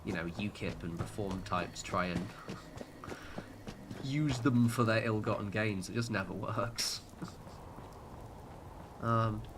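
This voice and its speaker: A man's voice: lowish voice, takes it slowly, long pauses, music in the background. A British man chatting casually while livestreaming a game, rambling and sweary, with lots of fillers and restarts. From United Kingdom. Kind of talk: casual gaming livestream chat.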